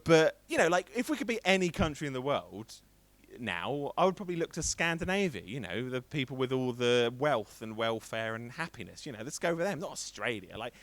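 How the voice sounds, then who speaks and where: A man's voice: medium pitch, very animated, brisk, hardly any pauses, no room sound. A man in his thirties doing a rambling, self-deprecating stand-up set on a stream. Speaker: stand-up comedian.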